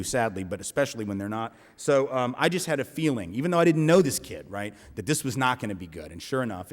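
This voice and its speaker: A man speaking to a live audience at a college event, telling a story conversationally, with frequent restarts and "right?" asides. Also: mid-range voice. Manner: conversational, many restarts and tag questions. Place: large lecture hall. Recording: echoey hall reverb.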